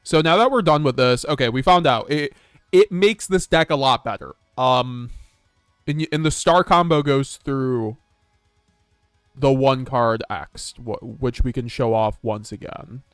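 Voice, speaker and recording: A man's voice: medium pitch, unhurried, clear, resonant tone, no echo, clean studio sound, soft background music. Rambling casual male card game streamer. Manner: rambling, casual, frequent restarts and chuckles. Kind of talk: live-stream gameplay commentary.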